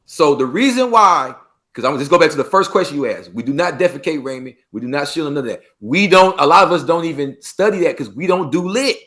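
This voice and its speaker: A man from Los Angeles with a Los Angeles accent, a podcast guest in casual interview talk, animated and acting out street dialogue. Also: a little high, fast talker. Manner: animated, acts out street dialogue, swears freely.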